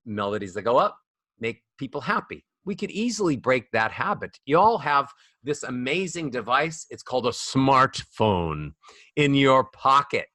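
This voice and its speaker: A man teaching as a voice coach guest on a podcast, animated and demonstrating rising and falling speech melodies. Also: mid-range voice, moderate pace, no room sound, clean studio sound. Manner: demonstrates speech melodies with sung-up acted examples. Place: studio.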